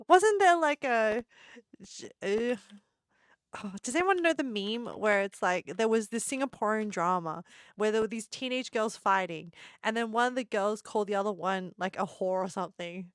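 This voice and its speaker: A woman's voice: medium pitch, moderate pace, smooth, dry recording, studio quality. A woman hosting a casual live stream, chatting and constantly breaking into giggles.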